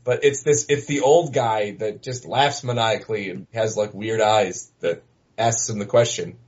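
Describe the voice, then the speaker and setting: A man's voice: lowish voice, fairly even intonation, normal speed, darkish tone, breathy edge. A man playing a tabletop game, talking in a rambling, hesitant way. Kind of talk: casual tabletop game chat. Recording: dull lo-fi recording.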